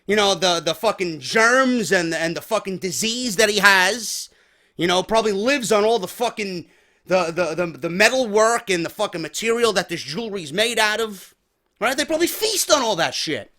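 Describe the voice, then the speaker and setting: A man's voice: high voice, expressive, normal speed, sharp tone. A man from New York hosting a podcast, telling a story in a profane, heated, exasperated rant. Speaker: podcast host. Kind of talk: ranting storytelling.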